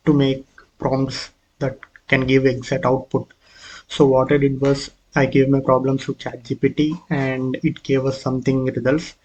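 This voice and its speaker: Male presenter, mid-pitched and monotone, casual demo walkthrough, halting with lots of restarts. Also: poor audio. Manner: hesitant, halting, with frequent fillers and restarts. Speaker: presenter of his own app prototype.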